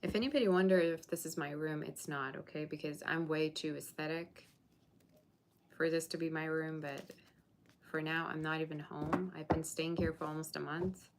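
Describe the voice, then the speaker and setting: A woman's voice: low-pitched, fairly even intonation, normal speed, background noise. A woman giving a live tarot reading, chatting and reassuring viewers and replying to their comments. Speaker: tarot reader. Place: borrowed room, indoors.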